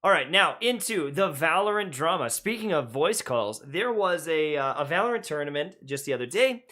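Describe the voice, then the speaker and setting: A man's voice: fairly high pitch, expressive, moderate pace, bright, forceful tone. A man co-hosting a gaming podcast, chatting loosely with lots of fillers. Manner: loose and rambling, many fillers. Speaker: podcast co-host. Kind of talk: casual gaming podcast chat.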